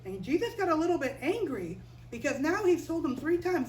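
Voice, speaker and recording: A woman teaching children in chapel, telling a Bible story with lively energy and questions to the children. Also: high voice, brisk. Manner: animated, asks the children questions. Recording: echoey room from a distance with faint noise.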